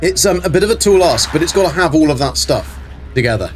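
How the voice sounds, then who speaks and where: A man's voice: fairly high pitch, lively intonation, fast talker, slight background noise. A man chatting casually on a game live stream, rambling with many ums while reading chat aloud.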